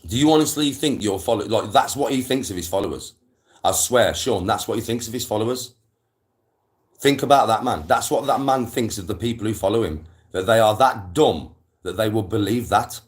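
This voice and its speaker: A man's voice: fairly low pitch, fairly quick. A man, chatting casually on a live stream and telling rambling stories full of slang and swearing.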